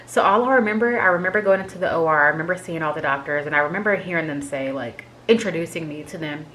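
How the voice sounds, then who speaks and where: A woman with a notably deep voice for her sex, talking straight to camera as she tells a personal story. She rambles casually, leaning on "like" as filler, and sounds open and candid. A faint hiss of noise sits under her voice. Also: quick pace, fairly bright tone, low-quality recording. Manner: chatty, filler-heavy with frequent "like"; candid and emotional recounting. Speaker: vlogger sharing a health update.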